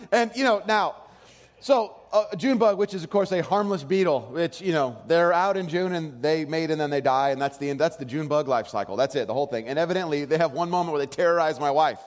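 Pastor, man, 30s, fairly high pitch, chatty rambling delivery, reverberant sanctuary. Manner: casual rambling storytelling with restarts; soft slow prayer voice. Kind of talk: sermon with prayer and storytelling. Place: church sanctuary. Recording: long hall reverb.

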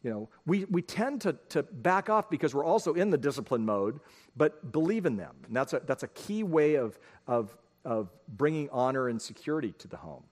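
Folksy middle-aged pastor, lively pitch. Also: male voice, normal speed. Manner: folksy, storytelling, addresses the congregation directly. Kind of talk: conversational sermon. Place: church sanctuary.

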